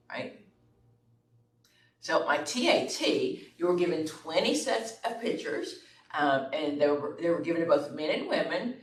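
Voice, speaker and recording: A middle-aged woman instructor giving a classroom lecture in a conversational way, often checking in with her listeners. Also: sits low. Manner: conversational, checks in with "okay?" and "right?". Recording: echoey room, far from the mic, faint room noise.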